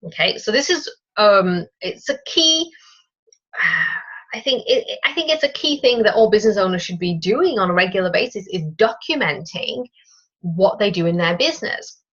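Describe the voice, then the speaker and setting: A woman in her thirties hosting a solo business podcast, talking straight to the listener in a chatty, lively way. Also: mid-range voice, moderate pace, husky. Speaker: podcast host. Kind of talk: casual solo business talk. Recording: dull lo-fi recording.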